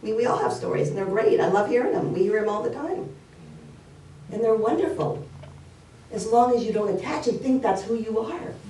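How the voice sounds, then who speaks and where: A woman spiritual speaker delivers a sermon in a church hall, telling stories earnestly and repeating key phrases. Her medium-pitched voice is mellow, picked up by a distant mic in the roomy hall with a little hiss or hum.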